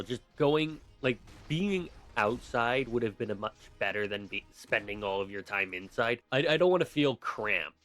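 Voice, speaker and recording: Animated man griping about a game. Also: on the low side. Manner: exasperated, griping. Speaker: gaming video commentator. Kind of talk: game review ramble.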